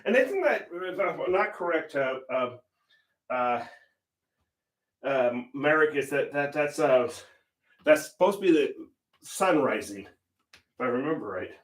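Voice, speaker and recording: A man's voice: on the high side, big pitch swings, a little slow, pauses often, distant mic. An older man hosting a painting livestream, telling stories in casual chat and laughing often. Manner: chatty storyteller, laughs often. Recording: roomy echo.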